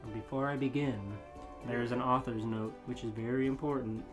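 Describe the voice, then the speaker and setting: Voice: medium pitch, fairly even intonation, fairly quick, over music. A podcast co-host chatting casually and reading fanfiction aloud, laughing often and rambling.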